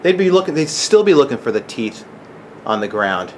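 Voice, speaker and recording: An agitated middle-aged man rants at mid pitch, cursing hard and tossing in a pointed "okay?" again and again. His voice sits in the middle range for a man. A faint air-conditioner hum runs under him. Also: sing-song, moderate pace. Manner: agitated, profane, keeps asking "okay?". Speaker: gun channel vlogger. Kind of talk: angry rant to camera.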